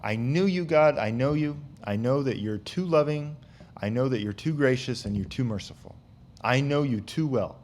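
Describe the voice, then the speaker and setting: A man's voice: medium pitch, lively intonation, normal speed, a little mellow, close to an everyday voice. A man paraphrasing an angry prophet who rants bitterly to God in his sermon. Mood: resentful. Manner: bitter, self-pitying ranting. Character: resentful, angry male prophet complaining to God.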